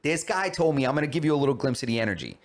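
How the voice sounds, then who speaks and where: A man's voice: mid-range voice, very fast, crowd noise. A man co-hosting a podcast, telling stories animatedly in slangy, profane casual chat. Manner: animated storyteller, slangy and profane, acting out quotes. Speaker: podcast co-host.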